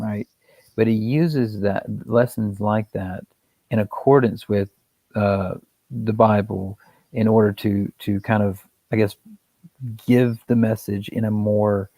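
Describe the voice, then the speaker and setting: A man's voice: lowish voice, darkish tone, dry recording. A man telling a story in a casual panel chat, rambling with many fillers.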